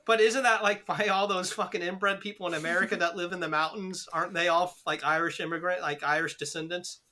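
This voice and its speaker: A young man with a bright, cutting voice that sits a little high for a man, co-hosting a podcast. He rambles through jokey tangents and swears constantly in loose, casual chat. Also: fairly even intonation, a little fast. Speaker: podcast co-host.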